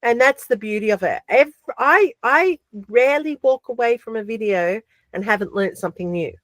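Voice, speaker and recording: A woman with an Australian accent, a podcast guest telling stories in a chatty, animated way with lots of fillers. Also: a little high, moderate pace, no room sound. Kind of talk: casual chat.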